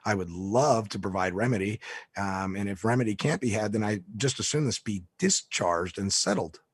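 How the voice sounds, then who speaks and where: Husky-voiced man telling a story. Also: lowish voice, normal speed, dry recording. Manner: lively storyteller who acts out the people he quotes. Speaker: speaker recounting a court story. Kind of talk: casual storytelling talk.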